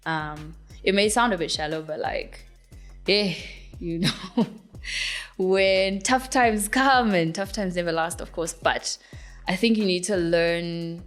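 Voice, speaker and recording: A woman's voice: fairly low pitch, slow, soft background music. Chatty, giggly young woman from Zimbabwe. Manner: chatty and giggly, with many fillers. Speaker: singer-songwriter guest. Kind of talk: casual interview answers.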